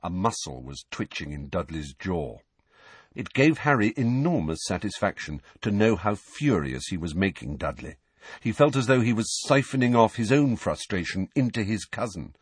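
A man narrating a novel aloud in expressive storytelling. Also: low-pitched, husky, no echo. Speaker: audiobook narrator. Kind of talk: scripted narration.

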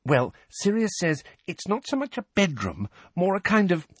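A man reading an audiobook and voicing a clever, earnest teenage witch girl, bright and eager. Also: lowish voice, big pitch swings, normal speed, breathy edge, no room sound, pitched above the performer's own voice. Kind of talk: audiobook character voice.

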